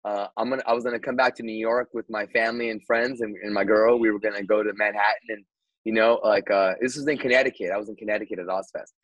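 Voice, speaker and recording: A man, a radio host guest on a podcast, telling a story casually, animated and swearing, with lots of restarts. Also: fairly low pitch, fast talker, dry recording, muffled recording.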